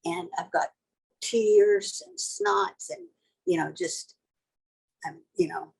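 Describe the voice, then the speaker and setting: A woman's voice: fairly low pitch, wildly swooping pitch, slow, gravelly, darkish tone, slightly rough, rough recording. An older woman, a tattoo artist, telling a vivid story in a blunt, casual and sometimes profane way.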